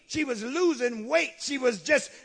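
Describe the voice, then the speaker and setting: A man preaching with a strikingly high, gravelly and husky voice. He delivers a fervent sermon, dropping to hushed asides and then rising to emphatic shouts. He calls out to his congregation as he preaches. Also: lively intonation, normal speed. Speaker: pastor.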